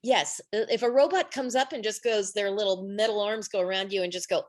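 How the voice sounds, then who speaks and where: A woman's voice: mid-range voice, fairly quick. A woman co-hosting a podcast, chatting playfully and laughing easily. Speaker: podcast co-host. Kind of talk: casual chat.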